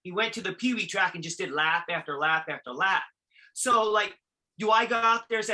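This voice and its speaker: A man with a high, very bright voice asks questions as a concerned father. He talks haltingly and keeps searching for the right words. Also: rough recording. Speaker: father of a young rider. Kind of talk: asking questions in casual talk.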